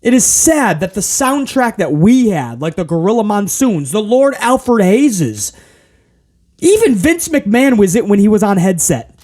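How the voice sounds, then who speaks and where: A man hosting a casual wrestling review, ranting in an animated, exasperated way. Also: high-pitched, a little slow. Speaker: podcast host.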